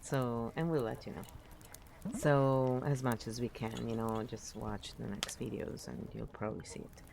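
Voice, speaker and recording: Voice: mid-range voice, fairly even intonation, unhurried, vocal fry, a little mellow, a little hiss or hum. A live streamer sounding tired, chatting casually and rambling with many fillers.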